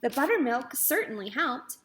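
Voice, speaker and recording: A woman voicing a brisk, practical farm wife in a storybook reading. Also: high-pitched, big pitch swings, fairly bright tone, slight background noise. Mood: approving.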